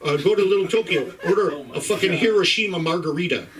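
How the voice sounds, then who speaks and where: A man's voice: high-pitched, fast, distant mic, low-quality recording. A middle-aged man from Ireland doing a profane stand-up set in a comedy club, working the crowd with stammering restarts.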